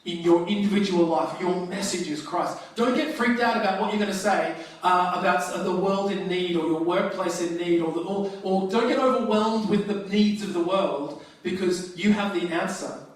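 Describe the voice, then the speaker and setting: A man with a high voice preaches to his congregation, casual and lively, often restarting his sentences. He sounds distant from the microphone. The hall around him rings with a strong echo. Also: moderate pace, hardly any pauses. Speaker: pastor. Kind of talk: sermon. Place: church hall. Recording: very echoey hall, distant mic.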